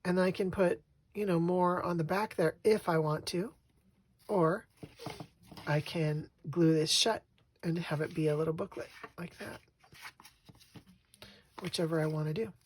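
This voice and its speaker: A woman's voice: on the low side, fairly even intonation, unhurried, pauses often, slight background noise. A woman hosting a casual crafting vlog, chatting in a rambling way as she works at her craft table at home. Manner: chatty, rambling storyteller who laughs often. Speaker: craft channel host.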